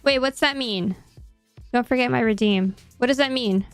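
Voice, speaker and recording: High-voiced chatty woman streamer. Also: moderate pace, dry recording, faint music behind. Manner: chatty, rambling, self-deprecating. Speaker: game streamer. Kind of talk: casual gaming stream chat.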